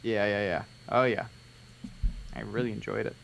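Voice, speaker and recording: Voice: mid-range voice, fairly even intonation, moderate pace, creaky, slight background noise, poor audio. A live stream co-host bantering casually during a miniature-painting session, joking and laughing often.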